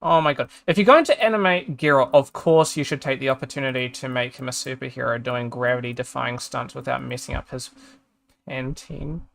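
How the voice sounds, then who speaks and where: A man's voice: mid-range voice, a little fast, gravelly, fairly bright tone. A streamer chatting casually, ranting in exasperation and swearing as he reads a review aloud and trails off mid-sentence. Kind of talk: casual chat while reading a review aloud.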